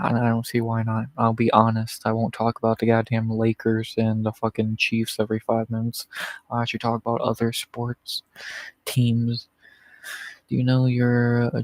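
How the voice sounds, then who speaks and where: A man's voice: mid-range voice, gravelly, no room sound, rough recording. A man hosting a livestream in casual, profane, rambling chat, chuckling often. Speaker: livestream host.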